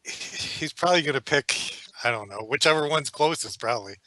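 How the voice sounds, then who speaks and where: A man with a bright, forward voice plays a tabletop game. He describes his character's moves in a laid-back, casual way. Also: medium pitch, animated, brisk. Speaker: player.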